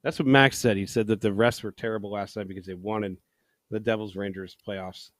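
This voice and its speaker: A man's voice: lowish voice, steady tone, brisk, no room sound. Man rambling in a dry room. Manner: rambling, jokey, drops into silly voices. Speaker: podcast co-host. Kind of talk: casual podcast chat.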